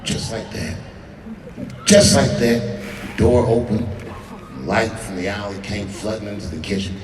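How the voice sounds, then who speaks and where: A man in his forties doing profane, conversational stand-up storytelling with dramatic pauses, on stage in a large outdoor amphitheater. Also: lowish voice, background noise. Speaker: stand-up comedian. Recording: distant, echoing amphitheater sound with crowd.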